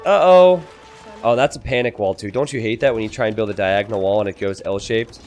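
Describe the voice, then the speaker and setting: A man giving casual strategy game commentary, excitable, laughing and exclaiming at players' blunders. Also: on the low side, fast, soft background music.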